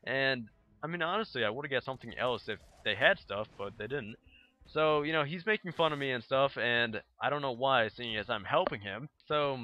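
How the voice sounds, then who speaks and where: A man's voice: mid-range voice, expressive, moderate pace, highs cut off. Rambling young man telling a story. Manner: rambling, with many fillers and acted-out quotes. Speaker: gaming video host. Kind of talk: casual storytelling over gameplay.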